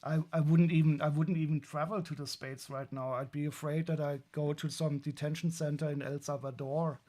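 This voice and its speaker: A man's voice: on the high side, level tone, brisk, mellow. A man with a German accent chatting casually on a live stream while unboxing toys, wry and rambling with frequent restarts.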